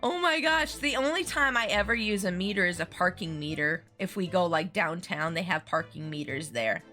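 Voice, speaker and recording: A woman's voice: fairly low pitch, expressive, moderate pace, bright, forceful tone. A woman streaming a game, chatting casually and giggling between asides. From United States. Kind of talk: casual let's-play commentary. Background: faint game music.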